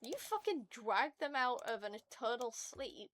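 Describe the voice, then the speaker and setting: A woman streaming to her viewers in casual chat, ranting in an animated and profane way. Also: fairly high pitch, unhurried, hardly any pauses.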